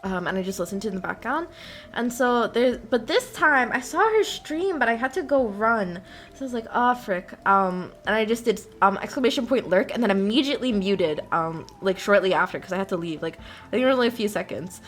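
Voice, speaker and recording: A woman's voice: mid-range voice, animated, brisk, fairly bright tone, faint music behind. A young woman streamer in casual chat, rambling and giggling often as she talks.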